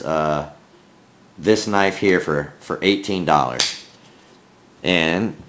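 A deep-voiced man with a Minnesotan accent hosts a casual vlog. He talks in a folksy, rambling way, filling pauses with "uh" and "I mean". He grew up in the American South. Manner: rambling, folksy, lots of fillers. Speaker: knife review channel host.

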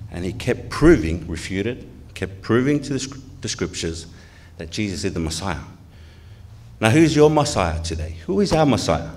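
A male pastor from Tonga preaches a sermon in church with a lowish voice. He sounds earnest and keeps putting questions to the congregation.

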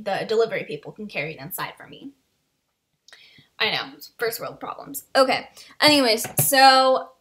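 Chatty bright-voiced young woman. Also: fairly high pitch. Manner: chatty, lots of "like" and "you know". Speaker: vlogger. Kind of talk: storytime vlog.

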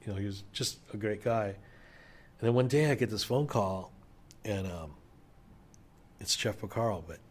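Low-voiced man telling drumming stories. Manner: loose, profane, enthusiastic, many fillers. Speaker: session drummer, guest. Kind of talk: casual interview storytelling.

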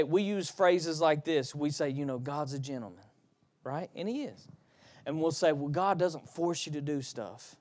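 High-voiced, slow-paced preacher. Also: male voice. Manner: emphatic, calls out to the congregation; swings between quiet asides and loud bursts. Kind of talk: sermon.

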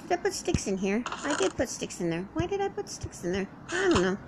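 A woman's voice: high voice, sing-song, fairly quick, background noise. A woman doing in-character survival roleplay commentary while playing, rambling to herself and chatting to the animals around her. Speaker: game roleplayer.

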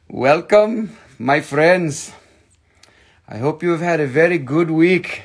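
Playful high-voiced man, slow and gravelly. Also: expressive. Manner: playful, joking, rambling. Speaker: live-stream host selling stones. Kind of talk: casual live-stream chat. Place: at home.

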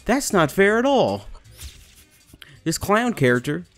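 A man's voice: high voice, very animated, takes it slowly, soft background music. A young man giving let's play commentary, frustrated and swearing as he rants about the game. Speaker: gamer.

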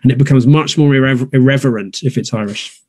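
A man in a conversational interview, speaking thoughtfully at a middle pitch. He often restarts his sentences and circles back to reach his point. The sound is dry and close. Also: fast talker, darkish tone, husky, dry recording. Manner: thoughtful, many restarts and fillers. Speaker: theatre producer. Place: north of England.

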